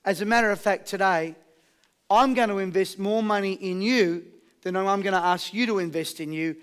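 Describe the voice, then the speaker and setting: A man with an Australian accent giving a high-energy motivational seminar, rallying a live audience with questions and call-and-response. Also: moderate pace, a bit bright, smooth. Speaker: motivational speaker.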